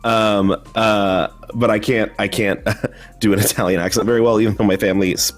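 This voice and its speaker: A man hosting a casual online chat over a video call, chatty and quick to laugh, often restarting his sentences. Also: on the low side, fairly even intonation, soft background music. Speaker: host.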